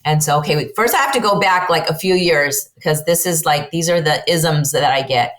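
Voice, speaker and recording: Middle aged mom on a podcast, lowish voice, rambly, lots of "you know", acts out what everyone said. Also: female voice, a little fast. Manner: chatty, rambling, heavy use of fillers like "you know" and "like"; acts out family conversations with lively quoted voices. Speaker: guest, mother and business owner. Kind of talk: casual storytelling in a podcast interview.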